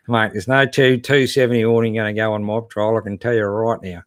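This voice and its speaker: A man's voice: on the low side, steady tone, a little slow, long pauses, fairly bright tone, no echo, studio quality. An Australian man hosting a casual live stream about four-wheel driving, chatting in a laid-back, matey way with lots of fillers as he reads out viewer comments. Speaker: 4WD channel host.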